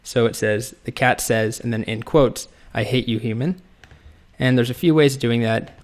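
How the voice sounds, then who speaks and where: With a mid-range voice at a moderate pace, this coding instructor narrates a screen-recorded tutorial. He types as he goes, relaxed and explaining one step at a time.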